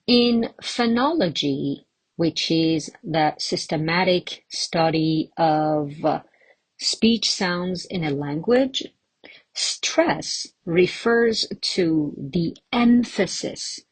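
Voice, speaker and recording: A woman's voice: lowish voice, breathy edge. A woman teaching English pronunciation to camera, patiently asking the viewers questions and answering them herself.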